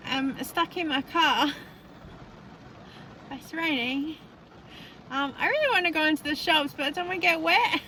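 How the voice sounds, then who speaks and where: A middle-aged Australian woman talks into her phone from a parked car, voice bright and fairly high. She takes her time, unhurried and chatty, breaking into laughter as she goes. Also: slight background noise. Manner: chatty, laughs a lot while telling stories. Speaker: vlogger. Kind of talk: casual chat.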